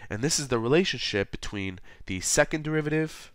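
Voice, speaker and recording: A man explaining a math problem step by step as a tutor in a scripted lesson voice-over, steady and methodical. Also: medium pitch, brisk, no room sound, studio quality.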